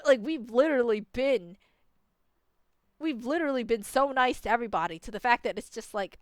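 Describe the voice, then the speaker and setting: A woman's voice: a little high, brisk, dry recording. A young woman ranting casually as she plays through a story game, exasperated and full of fillers. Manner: exasperated, ranting, heavy use of "like". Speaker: gaming streamer. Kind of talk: casual game playthrough commentary.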